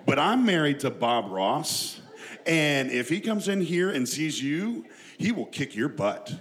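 A man quoting his elderly, muddled yet devoted mother in his own softened, earnest voice. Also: on the high side, very animated, a little slow.

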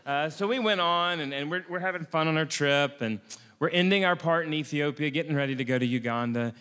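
American male storyteller, lively and self-mocking, somewhat high voice, long reverb. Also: fairly quick. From United States. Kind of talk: comic personal travel anecdote.

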